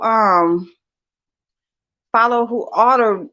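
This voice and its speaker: A woman's voice: medium pitch, drawn-out words, long pauses, fairly bright tone. Blunt, profane woman on a lo-fi stream. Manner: blunt, profane, talks straight to chat. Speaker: livestream host. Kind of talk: casual livestream chat with viewers. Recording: dull lo-fi livestream audio.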